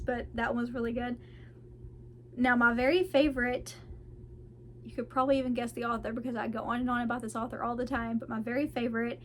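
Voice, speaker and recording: Giggly, chatty woman book vlogger, slightly high. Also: a little hiss or hum. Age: adult parent of children. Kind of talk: casual book review chat.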